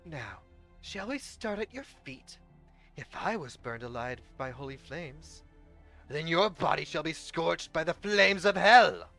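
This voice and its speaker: A cruel, vengeful witch queen who mocks and commands in slow, drawn-out words, as a streamer voices her. The voice rises to gloating heights and then drops to a menacing hush. Soft music plays beneath the reading. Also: mid-range voice, expressive. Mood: commanding. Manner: slow, taunting and theatrical, dropping to a menacing hush. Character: cruel vengeful mocking young witch woman. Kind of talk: live-streamed game story reading.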